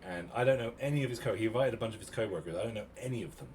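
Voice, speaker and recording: A man from Cornwall in his thirties with a British accent, casually telling a story to his stream chat in an animated, chatty way. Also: fairly low pitch, very fast, slight background noise. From Cornwall, England. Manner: chatty, animated retelling with quoted voices.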